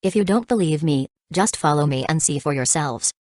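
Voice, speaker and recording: A woman voicing a calm, cool-headed teenage older brother in an audiobook. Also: low voice, fairly quick, dry recording, clean studio sound. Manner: calm, icy.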